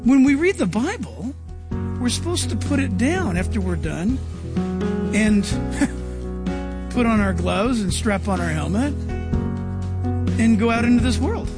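A man preaching a sermon as pastor, animated and acting out quoted lines, sometimes shouting them. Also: very high voice, unhurried, long pauses, loud music behind the voice.

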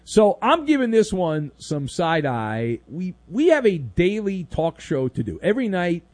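Sarcastic, animated male sports talk host. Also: sits high, unhurried, dry recording. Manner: sarcastic, mocking, acts out little skits. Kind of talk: opinionated sports talk commentary.

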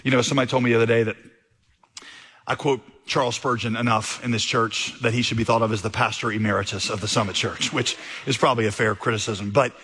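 A man's voice: medium pitch, fairly even intonation, fast talker, fairly bright tone, breathy edge, in a large hall. A male pastor preaching a sermon, telling a story and reading quotations aloud.

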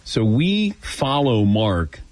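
Lively male sports radio host. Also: medium pitch, takes it slowly, no echo. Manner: animated, acts out voices in anecdotes. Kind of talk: casual radio storytelling.

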